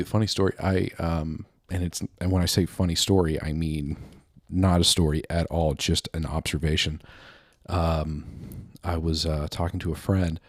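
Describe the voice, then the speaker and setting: A deep, gravelly-voiced man hosts his own podcast as an unscripted solo chat, rambling from thought to thought, mocking himself and laughing at his own jokes. He sounds slightly out of breath, and the recording is close and dry with almost no room sound.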